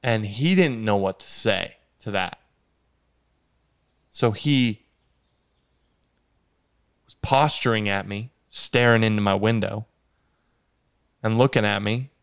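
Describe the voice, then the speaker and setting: A man telling a funny true story in a deadpan, casual way. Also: on the low side, slow, gravelly, long pauses, clean tone. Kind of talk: casual spoken anecdote.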